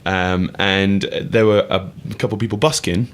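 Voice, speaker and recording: A man's voice: low-pitched, fairly even intonation, normal speed, clear, resonant tone. A young man co-hosting a casual radio show, rambling enthusiastically and laughing often. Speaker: radio co-host.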